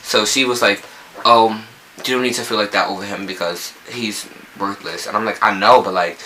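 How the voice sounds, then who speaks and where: A man's voice: lowish voice, steady tone, moderate pace, bright, forceful tone, a little hiss or hum, rough recording. A young man from New Jersey with a local accent, telling a rambling storytime vlog full of quoted dialogue. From Newark, New Jersey. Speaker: vlogger. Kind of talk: casual storytime.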